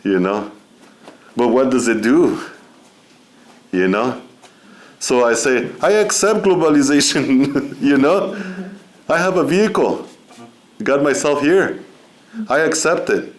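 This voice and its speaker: A middle-aged man speaking as a guest at a seminar, relaxed and conversational, often saying "you know" and laughing between points. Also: medium pitch, takes it slowly, long pauses. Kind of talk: informal spiritual talk.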